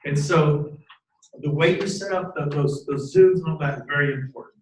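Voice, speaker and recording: A man in his fifties giving an energetic motivational talk to a live audience, preachy and animated, with sudden shouted bursts and jokey asides. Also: on the high side, moderate pace. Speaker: motivational speaker at a team training event. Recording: echoey room from a distant mic.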